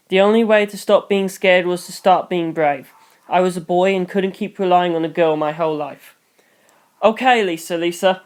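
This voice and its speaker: A reader narrating a novel in first person, brisk with wry asides. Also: mid-range voice.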